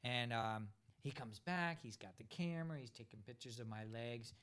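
A man casually telling a story on a talk show, animated and acting out the voices of the people in it. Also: medium pitch, normal speed, clear, resonant tone. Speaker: podcast co-host, pilot.

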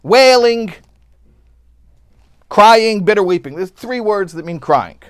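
A man teaching a sermon, swinging from hushed storytelling to loud, impassioned outbursts and translating Hebrew phrases line by line. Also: high voice, lively intonation, brisk. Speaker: Torah teacher.

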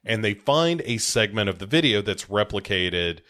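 Lower-voiced man wryly recapping a film. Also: lively intonation, normal speed, bright, forceful tone. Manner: wry, acts out lines in mock voices. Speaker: podcast co-host. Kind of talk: casual movie recap chat.

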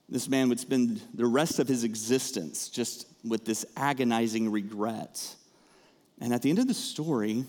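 Man, pastor, preaching a sermon, conversational, animated when acting out characters, mid-range pitch.

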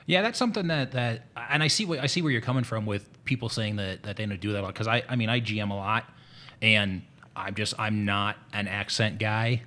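Halting, lower-voiced podcast co-host. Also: male voice, sharp tone. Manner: halting, frequent restarts. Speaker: podcast co-host and game master. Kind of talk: casual chat.

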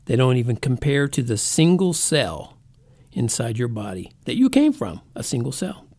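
A man's voice: mid-range voice, sing-song, moderate pace, a little mellow. Rambling male podcast host, chatty. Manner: rambling, self-mocking, conversational. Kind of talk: casual monologue.

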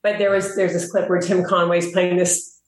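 A woman's voice: on the low side, level tone, moderate pace. A woman chatting casually, laughing easily as she tells stories. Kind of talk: casual chat. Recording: echoey room with faint noise.

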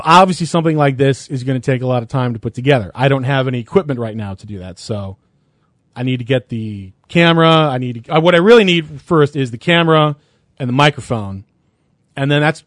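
A man's voice: medium pitch, brisk, dry recording, clean studio sound. A man in a casual podcast chat, rambling with frequent restarts and laughter. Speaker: podcast co-host.

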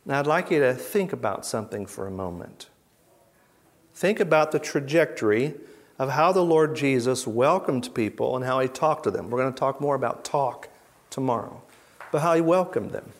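A man giving a conference teaching talk to a live audience, emphatic, asking rhetorical questions and swinging between loud bursts and hushed asides. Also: medium pitch, expressive, moderate pace. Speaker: Bible teacher.

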